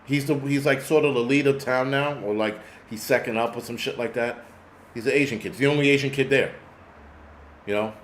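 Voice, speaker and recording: A man's voice: medium pitch, fairly quick. A man rants on his own show in a loose, swearing, meandering way, often losing the word he wants. His voice sits in an ordinary middle range. The room is echoey with a faint hum of ambience. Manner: profane, rambling, loses track of words. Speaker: prepper channel host. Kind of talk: casual ranting monologue.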